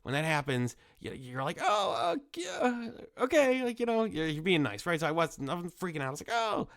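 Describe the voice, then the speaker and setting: A young man with a cold telling a rambling comic story, full of fillers, sometimes jumping into squeaky voices for the people he quotes. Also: animated, fast talker, fairly bright tone, dry recording, studio quality. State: nasal from a cold. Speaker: comedy podcast host.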